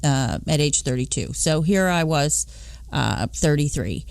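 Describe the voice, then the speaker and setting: A woman in her late fifties, a podcast host from the Philadelphia and New York area, telling a personal story in an animated way. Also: measured pace, vocal fry, no room sound. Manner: animated, acting out dialogue with big pitch swings.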